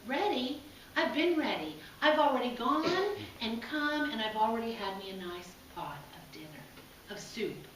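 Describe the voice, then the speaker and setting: A plucky little pig from a children's fairy tale, played by a high-voiced woman. Small and clever, spoken in a bedtime-story way. The sound is distant and swims in heavy echo. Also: expressive, normal speed, a bit bright, a little hiss or hum. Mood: cheeky. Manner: storybook read-aloud, plucky. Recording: echoey room, from far off.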